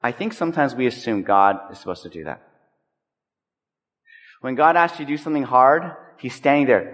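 A man's voice: medium pitch, animated, normal speed, pauses often, a bit bright. A man preaching a sermon as a pastor, talking conversationally and acting out everyday stories. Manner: conversational, acts out anecdotes. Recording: echoey hall.

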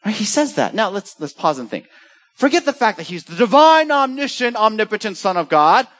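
Animated, high-pitched man preaching a sermon. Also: brisk. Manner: animated, rhetorical, acts out dialogue. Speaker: pastor.

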